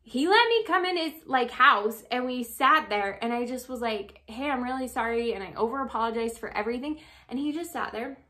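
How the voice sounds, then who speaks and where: A young woman giving relationship advice as a life coach, chatty and animated, full of "like" and "um". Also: on the high side, fairly quick, few pauses. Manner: chatty, frequent "like" and "um", animated storytelling. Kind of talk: casual advice talk to camera.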